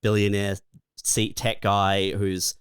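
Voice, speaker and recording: A man's voice: on the low side, flat delivery, slow, a bit bright, clear, resonant tone, no echo, studio quality. A man co-hosting a podcast in casual comedic chat, rambling with lots of laughter. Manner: rambling, laughs often, says dude and man. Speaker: podcast co-host.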